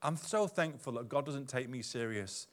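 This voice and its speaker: A man preaching a sermon as pastor to his church, animated, swinging from loud emphatic lines down to quiet asides. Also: mid-range voice, normal speed. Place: church hall.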